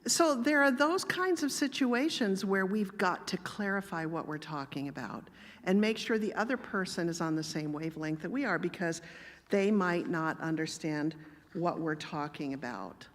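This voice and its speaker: A woman gives a sermon-style talk in an even, gently conversational manner, telling personal stories. Her voice sits low. A long church-hall reverb trails after every phrase. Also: slight background noise. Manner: calm, measured, gently conversational. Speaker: guest speaker.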